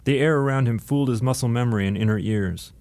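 Male audiobook narrator, steady, dry delivery, middle pitch. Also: quick pace.

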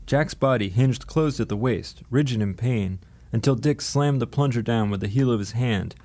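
Male audiobook narrator, steady, dry delivery, middle pitch. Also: moderate pace.

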